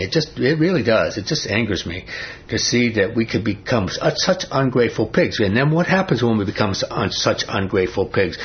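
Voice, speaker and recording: Male preacher teaching a Bible study, emphatic and questioning, captured on a dull lo-fi recording. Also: medium pitch. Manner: emphatic, repeats "I'm telling you", asks the listeners questions.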